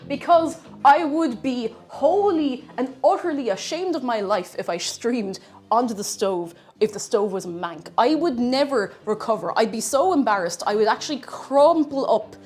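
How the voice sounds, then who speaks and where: A woman's voice: on the high side, moderate pace, a little mellow. A woman chatting casually and playfully with her viewers while cooking in her home kitchen on a livestream. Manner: playful rambling banter with chat. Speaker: streamer. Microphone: streaming mic.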